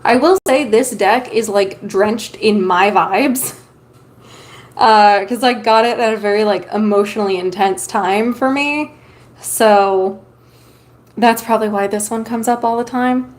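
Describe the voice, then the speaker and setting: A woman's voice: mid-range voice, unhurried. A woman streamer chatting casually with her viewers while reading tarot cards, loose and talkative with lots of filler ums. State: has the hiccups. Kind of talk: casual live-stream chat.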